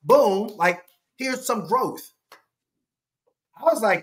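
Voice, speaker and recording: A man talking as a podcast guest in a casual storytelling style. He is animated and laughs often, swinging his pitch up when he acts out quotes. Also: takes it slowly, long pauses.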